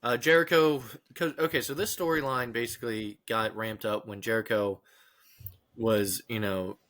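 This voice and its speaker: A man's voice: medium pitch, fairly even intonation, moderate pace, fairly bright tone. A man hosting a casual podcast chat, running the rundown and steering his co-hosts. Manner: runs the rundown, steers the others. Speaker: podcast host leading the segments.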